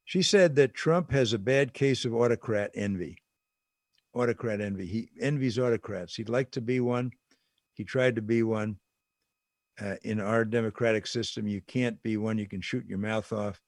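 A man's voice: lowish voice, moderate pace, no room sound, clean studio sound. An older man giving casual political commentary, talking conversationally and repeating phrases for emphasis.

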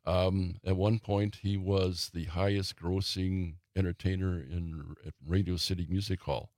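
An older man, a longtime theater critic, reminiscing slowly and haltingly in a casual talk-show chat. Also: deep voice, steady tone, a little mellow, no room sound, clean studio sound.

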